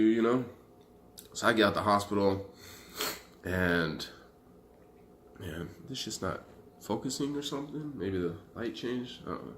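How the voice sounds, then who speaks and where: A man's voice: fairly low pitch, measured pace, long pauses. A young man telling his story to camera in a casual, profane, rambling way. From Arizona. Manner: profane, animated, loose and rambling. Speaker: vlogger.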